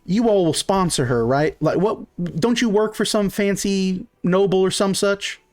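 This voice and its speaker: A man's voice: high-pitched, moderate pace, darkish tone, no room sound, clean studio sound, voice pushed up, natural voice. Man doing a brash Firbolg mother, folksy and pushy. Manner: folksy, bossy, calls people honey and darling. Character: tall beefy middle-aged Firbolg mother, brash and pushy.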